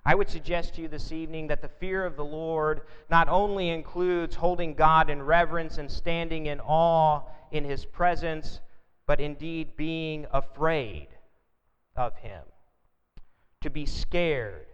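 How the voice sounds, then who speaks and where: A man's voice: fairly high pitch, unhurried, a bit bright, clean tone. A man preaching an evening sermon in an earnest way, often repeating words as he thinks, recorded in a church sanctuary. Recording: reverberant hall, dull lo-fi sound.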